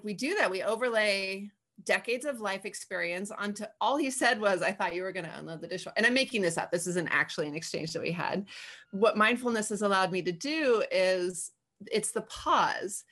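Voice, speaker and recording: A woman in her thirties or forties talks candidly as a guest, leaning on fillers in an easy conversational flow. Her voice sits at an ordinary middle pitch for a woman. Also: a bit bright. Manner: candid and chatty, frequent "like" fillers. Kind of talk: casual conversation.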